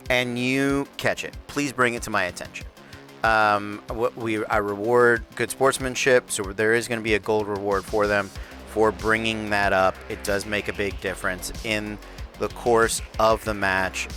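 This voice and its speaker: A man hosting a live tabletop game stream and reviewing rules, relaxed and rambling, with fillers and restarts. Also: fairly low pitch. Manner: says he has his announcer voice on. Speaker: host and game master of a PvP league stream. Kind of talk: livestream talk, reviewing rules. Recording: faint background music.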